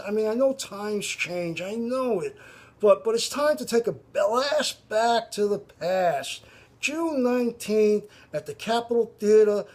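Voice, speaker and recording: A man's voice: high-pitched, darkish tone. A man making a casual, rambling appeal to a band, full of restarts and repeated "you know". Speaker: fan addressing a band. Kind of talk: casual direct-to-camera appeal.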